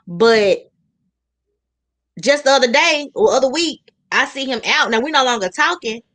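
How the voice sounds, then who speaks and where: A woman's voice: high-pitched, animated, normal speed, a bit bright. A woman guest in a casual group discussion, answering firmly and bluntly. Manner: firm, blunt. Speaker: panel guest.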